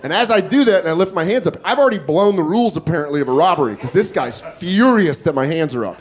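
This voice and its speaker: A man in his forties doing stand-up, telling a story in a loose, profane, self-mocking way with quick asides. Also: on the high side, expressive. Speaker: stand-up comedian. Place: comedy club stage. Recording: live club with loud crowd laughter.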